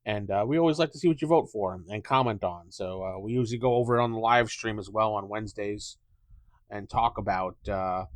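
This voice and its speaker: A man hosting a casual tabletop gaming podcast, rambling and thinking out loud with lots of fillers. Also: on the low side, brisk, no room sound. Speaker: podcast host.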